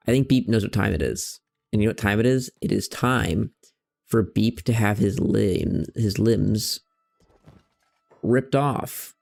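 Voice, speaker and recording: A man's voice: fairly low pitch, gravelly, darkish tone. A man streaming a game, chatting playfully through casual let's-play commentary and stopping to talk to his pet cat.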